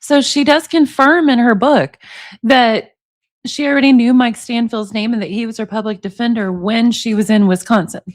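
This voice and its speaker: A woman's voice: a little high, steady tone, moderate pace, dry recording, clean studio sound. A woman, hosting casual true-crime commentary and reading excerpts aloud, chatty and often asking viewers what they think. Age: 40s. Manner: chatty, asks viewers for opinions. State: allergies. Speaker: commentary channel host.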